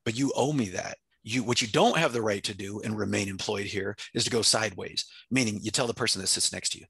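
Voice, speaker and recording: Gravelly husky guy talking fast and intense, bright forceful voice, pretty dry sound. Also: lowish voice, no echo. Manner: intense, emphatic, acts out his own quoted speech. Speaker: company president and CEO, guest. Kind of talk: passionate interview answer.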